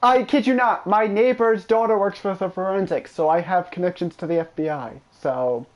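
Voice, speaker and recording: This man's voice sits high and moves at a moderate pace as he streams a video game. His casual commentary mixes gameplay chatter with swear-laden, excitable trash-talk at a friend's expense.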